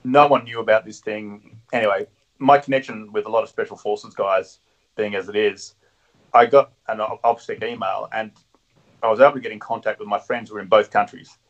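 A man's voice: fairly low pitch, steady tone, brisk, highs cut off. A middle-aged man, a guest telling blunt, swear-laden stories and laughing along. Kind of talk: casual storytelling.

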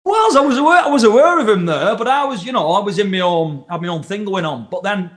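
A man's voice: high voice, lively intonation, quick pace, a bit bright. A man, a podcast guest telling a long story in casual chat, rambling and swearing freely as he acts out the quotes.

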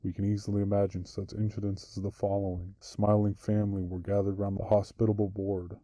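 A man reads short stories aloud in a steady, unhurried manner. His voice sits low and very dark, with little rise and fall. The sound is close and dry. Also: no room sound, highs cut off. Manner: steady, even storytelling delivery. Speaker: narrator. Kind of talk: audiobook reading of short stories.

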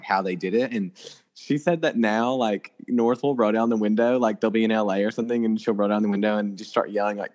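A man's voice: lowish voice, a little mellow. A young man co-hosting a podcast, chatting casually about celebrity gossip with lots of filler words. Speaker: podcast co-host.

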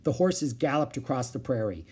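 A man's voice: medium pitch, normal speed, slightly rough. Man reading a children's story aloud. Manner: lively expressive reading. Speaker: narrator.

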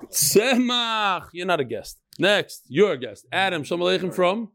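A man's voice: high-pitched, a little fast, gravelly. A man hosting a daily Talmud class, greeting guests in a study hall and reading emails aloud in a chatty, playful way. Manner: energetic, chatty, calls out to guests in the room. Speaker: Talmud teacher.

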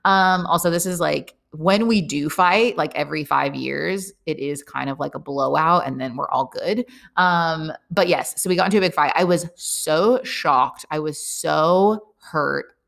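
This young woman hosts a podcast and talks to listeners from abroad in a candid, rambling personal monologue full of fillers and swearing. Her voice sits low and is gravelly yet fairly bright, and she speaks a little slowly.

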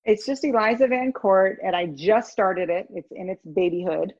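Animated woman telling stories. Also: medium pitch, moderate pace, dry recording, muffled recording. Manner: animated storyteller, acts out voices in anecdotes. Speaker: guest, communication consultant. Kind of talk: conversational storytelling interview.

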